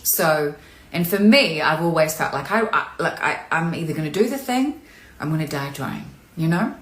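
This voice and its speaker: A woman's voice: deep voice, animated, moderate pace. A woman acting coach talking candidly and chattily in a live-streamed Q&A, sometimes showing emotion. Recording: echoey room.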